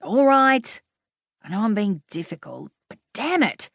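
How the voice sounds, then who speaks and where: A woman's voice: medium pitch, very animated, normal speed, creaky, husky, no echo, studio quality, full character voice. A woman voicing a cross grown man who grumbles and resists going home, in an audiobook reading. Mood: grudging. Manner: grumbling, reluctant.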